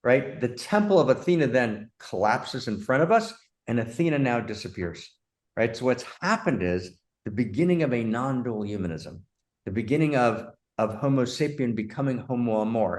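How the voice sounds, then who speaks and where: Man, host, emphatic, effusive, excited outbursts, mid-pitched voice. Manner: warmly addresses his partner as "my friend". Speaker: host, philosopher. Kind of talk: animated film discussion.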